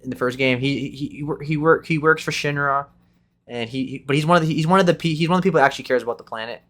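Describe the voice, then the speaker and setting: A man hosting a casual gaming podcast, rambling excitedly and restarting his sentences often. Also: on the high side, very fast. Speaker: podcast host.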